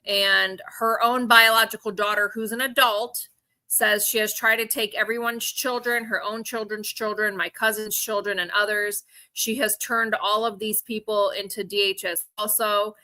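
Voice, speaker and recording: A woman co-hosting a live stream, calmly reading through screenshots and texts. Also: mid-range voice, normal speed. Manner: matter-of-fact, reads out screenshots and texts. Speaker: co-host and auction seller. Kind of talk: live-stream talk walking through a timeline.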